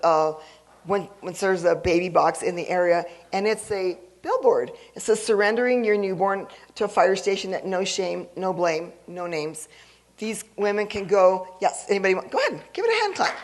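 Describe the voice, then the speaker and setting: Eager, halting gala emcee. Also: mid-range voice, low-quality recording. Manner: eager and halting, with frequent restarts. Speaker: event emcee. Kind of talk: introducing a speaker at a gala.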